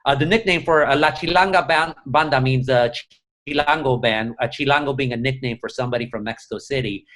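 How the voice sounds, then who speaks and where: A middle-aged man, a newspaper columnist, talking as an interview guest in an animated, profane storytelling way. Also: medium pitch, a little fast. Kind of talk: casual interview conversation.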